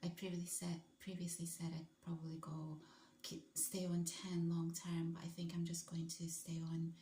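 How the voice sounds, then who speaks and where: Woman vlogger, lower-pitched and enthusiastic, loose casual chat, echoey room. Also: monotone, normal speed, warm tone, a little hiss or hum. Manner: chatty, enthusiastic, rambling with restarts.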